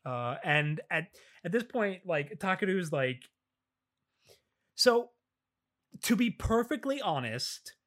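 Male co-host, light higher voice, relaxed chat, steers the recap with frequent laughs. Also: takes it slowly, long pauses. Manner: laughs often, keeps track of the plot. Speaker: podcast co-host. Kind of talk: casual chat recapping an anime.

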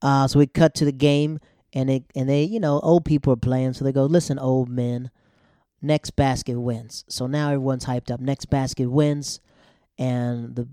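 A man with a mellow, warm voice talks through a TV episode recap in loose, slangy chat. He jumps into the characters' lines in quick bursts. The sound is dry and close, with no room around him. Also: medium pitch, level tone, clean tone, no room sound.

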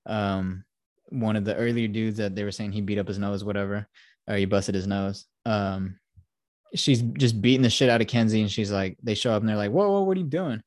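A man's voice: lowish voice, level tone, moderate pace, no echo, studio quality. A man hosting a podcast, recapping a film in a casual, profane, rambling way and quoting the characters. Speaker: podcast host.

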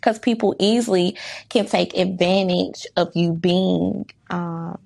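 Emphatic woman with a gravelly edge. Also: fairly low pitch, little pitch movement, slow, darkish tone. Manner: emphatic, full of rhetorical questions; candid, reflective, faith-centered. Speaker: vlogger. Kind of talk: casual talking-to-camera monologue.

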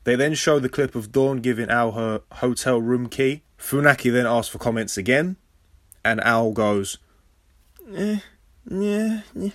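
An English man hosting a casual podcast recap, sarcastic and swearing freely, with sudden loud high outbursts. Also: normal speed, dry recording. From England. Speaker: podcast host.

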